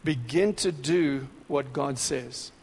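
A man preaching a sermon, exhorting in short emphatic repeated phrases that grow louder and more excited. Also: medium pitch, slow pace, slightly rough, big-room sound.

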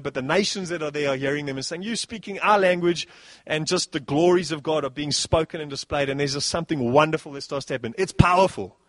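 A man preaching a sermon as pastor, animated, swinging between soft passages and loud bursts. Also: on the high side, no echo.

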